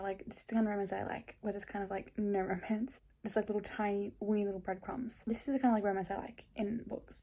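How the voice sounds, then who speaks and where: This young woman runs a reading vlog, chatting casually and enthusing about books, with frequent fillers and hushed, whispered asides. Her pitch is medium.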